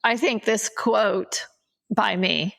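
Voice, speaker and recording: A woman's voice: medium pitch, takes it slowly, vocal fry, fairly bright tone. A woman co-hosting a casual podcast chat, candid and direct, speaking openly and earnestly. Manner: candid, teasing then earnest. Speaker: podcast co-host.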